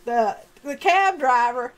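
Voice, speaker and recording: A woman telling a story from her own life in an animated, expressive way, acting out the remembered dialogue. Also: high voice, takes it slowly. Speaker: storyteller sharing personal experience. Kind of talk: personal storytelling monologue.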